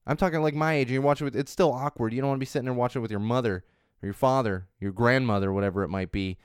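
A man's voice: medium pitch, very fast, clean tone, no echo, studio quality. A man in his thirties chatting casually about trending topics as a host, rambling and often restarting his sentences. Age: 30s. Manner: chatty, rambling, self-correcting with frequent restarts. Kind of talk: casual chat on social trends.

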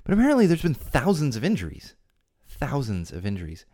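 A man hosts his own casual solo podcast from a home studio, chatting with jokey asides and rambling restarts. His medium-pitched voice has huge pitch swings, a brisk pace, and a dark tone.

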